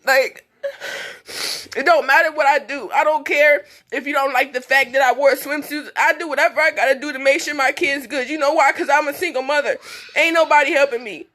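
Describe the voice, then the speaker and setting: A woman's voice: sits high, fairly even intonation, fairly quick, a bit bright. A young woman in her twenties, speaking in on a phone livestream, blunt and emphatic, and tearful as she talks. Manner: blunt, emphatic, repetitive, speaking through tears. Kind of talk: emotional personal livestream monologue.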